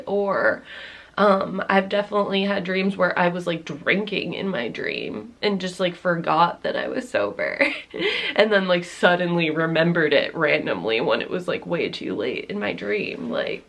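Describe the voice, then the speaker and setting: A woman's voice: on the low side, creaky, a bit bright. A woman in her thirties telling a personal story to camera in a rambling, candid way, full of "like"s, swearing and nervous laughs. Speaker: vlogger.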